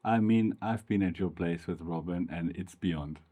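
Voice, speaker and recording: A man interviewing a guest, asking gentle, soft-spoken questions. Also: low-pitched, normal speed, muffled recording. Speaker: interviewer, photographer.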